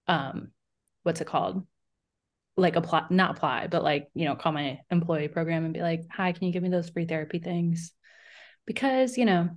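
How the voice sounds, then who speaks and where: A woman co-hosting a podcast in casual chat, telling stories with lots of "like" and acted-out quotes. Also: sits low. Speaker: podcast co-host.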